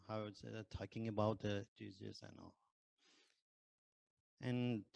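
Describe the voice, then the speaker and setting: Slow, gravelly non-native man testifying. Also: mid-range voice, no echo. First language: not English. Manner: slow, hesitant non-native English with many fillers. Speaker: ex-Muslim convert giving testimony. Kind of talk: personal testimony.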